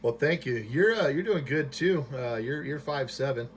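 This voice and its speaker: A man chatting on ham radio from his home station into a boom mic, relaxed and friendly with lots of fillers. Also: normal speed, heavy background noise. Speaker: amateur radio operator. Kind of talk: ham radio contact chat.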